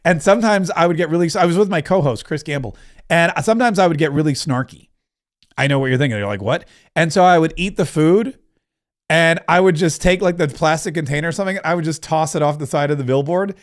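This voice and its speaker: A man's voice: a little high, fast. A middle-aged man hosting a casual livestream, rambling and joking as he reads out viewer comments. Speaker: livestream host.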